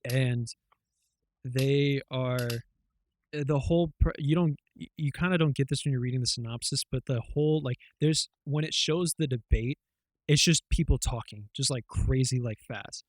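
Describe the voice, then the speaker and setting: Chatting casually as a podcast co-host, he retells things in a loose, wandering way, dropping fillers and swear words throughout. His mid-range voice moves at a moderate pace, and there's no echo.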